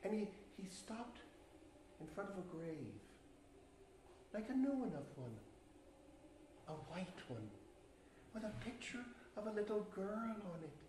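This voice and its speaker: A young adult actor sits high in pitch with big swings, his tone darkish, as he plays a rural Irishman spinning a rambling, chatty ghost story with nervous laughs. He keeps a measured pace and pauses often. It's a live college play on a theatre stage, with a roomy sound and slight background noise.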